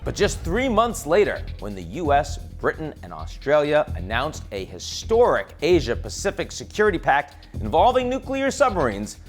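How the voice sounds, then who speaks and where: Middle-aged male host, sardonic scripted commentary, lively pitch, faint music bed. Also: moderate pace, hardly any pauses. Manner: wry, sardonic, emphatic delivery.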